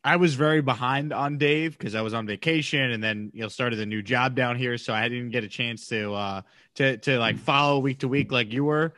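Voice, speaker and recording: A man from Long Island co-hosting a podcast, talking in a chatty, self-deprecating way with an easy, even flow. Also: mid-range voice, moderate pace, no room sound, studio quality. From Long Island, New York. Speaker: podcast co-host, radio host by day. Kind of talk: casual chat.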